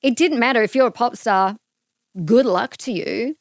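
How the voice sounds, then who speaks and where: A middle-aged woman from Australia guests on a podcast, animatedly relating a personal story and voicing the dialogue in casual talk. Her voice is a little high and her speed normal, in a dry, clean studio recording.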